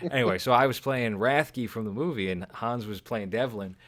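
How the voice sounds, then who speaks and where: A man's voice: medium pitch, moderate pace, a bit bright. A man in casual podcast chat, teasing the others and telling anecdotes. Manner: teasing, storytelling.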